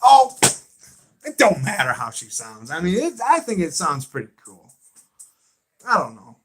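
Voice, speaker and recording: A man with a Southern accent hosting a livestream, chatting excitedly and emphatically with viewers, repeating his points. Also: high-pitched, measured pace, breathy edge. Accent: American Southern. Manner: excitable and emphatic, repeats himself, talks back to chat. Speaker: livestream host. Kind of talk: casual fan chat on a livestream.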